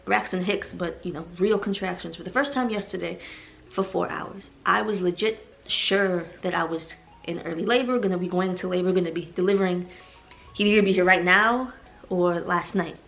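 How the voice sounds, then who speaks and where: A woman's voice: fairly low pitch, normal speed, vocal fry, a bit bright, faint music behind. A heavily pregnant young woman vlogging to her viewers, talking in an emotional, rambling way and growing tearful at times. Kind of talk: personal vlog confession.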